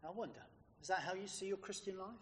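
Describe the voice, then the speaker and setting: A man's voice: high voice, fast, fairly bright tone, long reverb tail, slight background noise. A man preaching a sermon, emphatic and fond of rhetorical questions put to his listeners.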